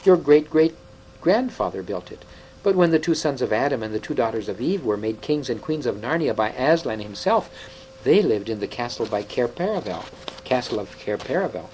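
A man's voice: mid-range voice, very animated, normal speed, darkish tone, a little hiss or hum, close to an everyday voice, low-quality recording. A man playing a grave old half-dwarf scholar. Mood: earnest. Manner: grave, earnest and tender.

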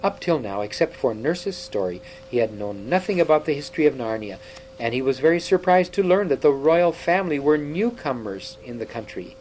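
A man narrating a children's story aloud in a lively, expressive manner. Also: mid-range voice, a little fast, a little hiss or hum, rough recording.

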